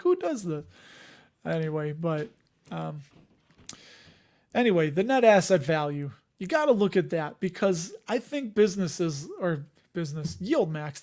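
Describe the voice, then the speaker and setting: A man's voice: high voice, darkish tone. A man in his forties hosting a livestream, chatting casually with viewers, often chuckling and trailing off mid-thought. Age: 40s. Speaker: livestream host reading viewer comments. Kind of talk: casual rambling livestream chat.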